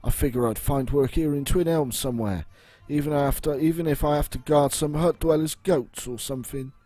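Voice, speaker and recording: A man's voice: medium pitch, lively intonation, measured pace, warm tone, husky, dry recording. A man voicing a frightened male former guard who has fled, reading the lines in a jittery, pleading way.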